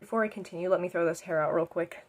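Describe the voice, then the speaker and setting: A young adult woman telling a story casually in an animated way, acting out the scenes and saying "like" often. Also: lowish voice, quick pace, background noise.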